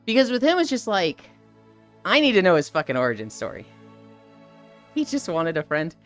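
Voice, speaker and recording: Animated young woman ranting on stream. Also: lowish voice, normal speed, soft background music. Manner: animated, profane, ranting about a game story. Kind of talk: casual live-stream chat.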